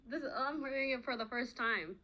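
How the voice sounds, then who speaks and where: A woman's voice: a little high, normal speed, sharp tone, highs cut off. A woman on the team who chimes in with dry, wry remarks during a casual Q&A. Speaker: team member. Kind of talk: casual banter.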